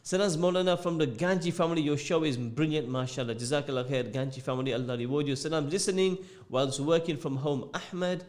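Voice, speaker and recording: Reading out listener messages in a radio studio, an English man chats casually, joking and repeating phrases, in an accent mixing northern English and London. His fairly high voice is a little mellow, and he talks fairly quickly with few pauses.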